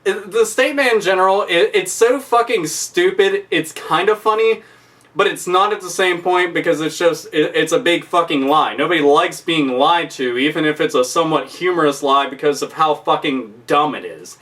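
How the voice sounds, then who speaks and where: A YouTuber rants angrily to camera in a slightly high, fairly bright voice at normal speed. He swears constantly and hammers his points home, repeating them with heavy emphasis.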